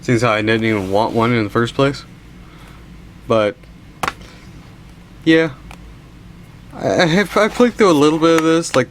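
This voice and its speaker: A man's voice: medium pitch, slight background noise. Sleepy young man rambling about games. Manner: rambling, tired, frequent yawns and restarts. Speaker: collection video host. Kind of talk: casual show-and-tell narration.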